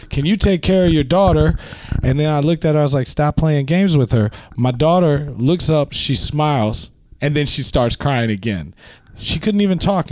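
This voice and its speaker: A man speaks as a guest on a casual podcast, a father telling stories in an everyday mid-range voice. He lets the ends of his phrases fall away softly. The sound is dry, with no room echo. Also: medium pitch.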